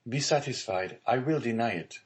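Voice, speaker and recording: A man's voice: medium pitch, animated, normal speed, pitched above the performer's own voice, lightly acted. A man reading the part of an honest, eager young prisoner who pleads earnestly.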